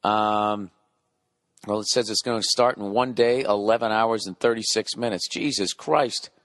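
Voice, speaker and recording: A man's voice: lowish voice, flat delivery, moderate pace, a bit bright, no room sound. A middle-aged man hosting a solo podcast, rambling in a profane, sarcastic rant. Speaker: podcast host.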